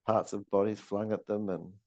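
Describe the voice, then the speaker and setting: A man with a low, gravelly voice chats as co-host in a relaxed way and laughs easily. The sound is dry and dull, with a lo-fi quality. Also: moderate pace, no room sound. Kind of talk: casual chat.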